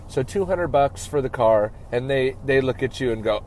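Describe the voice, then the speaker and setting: A man with a mid-range voice talks through business tips in a relaxed, unscripted monologue. He often restarts his sentences and tags his points with a quick "right?" to keep the listener with him. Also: mid-range voice, slight background noise. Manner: conversational, keeps checking in with "right?", frequent restarts. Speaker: podcast host and auto detailer. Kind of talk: casual advice monologue.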